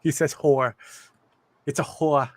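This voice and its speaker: A man's voice: fairly high pitch, steady tone, slow, no room sound. A man hosting a stream, chatting casually and laughing a lot. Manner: laughing, joking. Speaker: streamer host. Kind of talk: casual chat.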